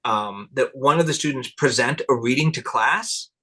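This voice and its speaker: A middle-aged man, interviewed as a cultural anthropologist, spins rambling anecdotes at a moderate pace. His voice sits mid-range with a sharp tone, and he laughs frequently while acting out people's lines in this easygoing storytelling.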